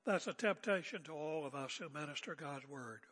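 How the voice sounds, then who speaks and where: An older man preaching a sermon as pastor, seated and speaking in a calm, conversational way with rhetorical questions. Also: a little high, normal speed, breathy edge, in a large hall. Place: church sanctuary. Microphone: seated at pulpit area mic.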